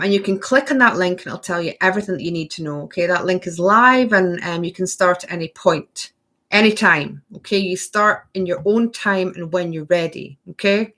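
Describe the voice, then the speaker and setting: A woman's voice: on the low side, fairly bright tone. Chatty woman hosting a spiritual live stream. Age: 30s. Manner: chatty, tag questions like okay and right; laughs often between sentences. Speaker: spiritual workshop host. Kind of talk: live stream chat answering viewer questions.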